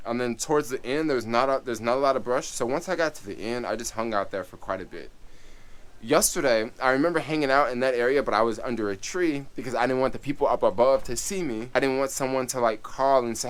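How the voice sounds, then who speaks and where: A man telling a story on his vlog in an animated, excitable way, full of casual fillers. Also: medium pitch, quick pace. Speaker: vlogger.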